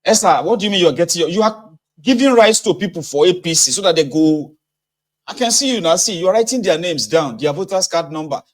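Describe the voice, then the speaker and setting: A man voicing an excited male voter with a Nigerian accent, stammering accusations in a frantic, high-pitched way. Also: fast. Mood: accusing.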